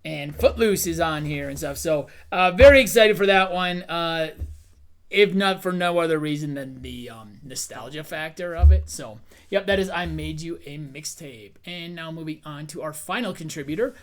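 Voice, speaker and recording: Middle-aged male host, light voice, relaxed rambling delivery. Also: fairly high pitch, moderate pace. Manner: easygoing, rambling with fillers and repeats. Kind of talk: casual chat.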